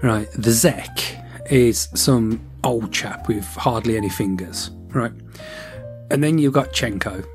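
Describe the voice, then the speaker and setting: A man co-hosting a podcast, chatting casually and rambling, with quick switches as he acts out lines from a story. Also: mid-range voice, over music. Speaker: podcast co-host. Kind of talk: casual chat.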